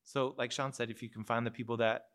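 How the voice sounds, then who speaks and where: A man from Seattle telling a personal story in a live podcast conversation, relaxed and quick to laugh. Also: medium pitch.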